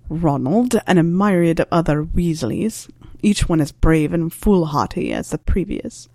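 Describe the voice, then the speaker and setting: Reading from a storybook, a woman performs a stern, dry elderly male professor, speaking slowly with clipped, measured delivery. Her voice sits low and is expressive and warm in tone, with no room sound on the recording.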